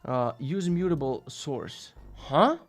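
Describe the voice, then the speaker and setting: A man hosting a live stream, reading out viewer links and reacting in a casual, profane, sarcastic way, jumping between loud rants and muttered asides. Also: a little high, expressive, slow, no echo, faint music behind.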